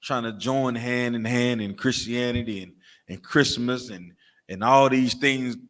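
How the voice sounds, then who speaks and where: At a measured pace and medium pitch, a man who preaches at a religious camp gives a fiery, street-style sermon, cursing freely and pelting the crowd with rhetorical questions and call-and-response. For laughs, he animatedly imitates crying and barking.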